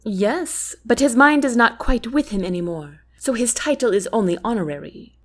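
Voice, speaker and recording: A woman voicing a thoughtful, guarded young queen in an audiobook, formal and measured. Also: a little high, expressive. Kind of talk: audiobook character reading.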